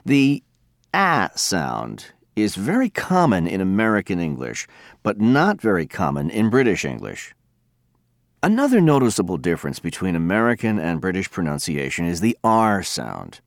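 A man giving a scripted lecture, speaking clearly and deliberately, with slow spoken examples. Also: low voice, huge pitch swings, dry recording, clean studio sound. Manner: clear, deliberate, demonstrates pronunciation.

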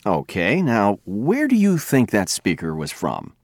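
Male lecturer, low and very animated pitch, dry close sound, deliberate delivery. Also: dry recording. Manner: clear, deliberate, demonstrates pronunciation. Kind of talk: scripted classroom lecture.

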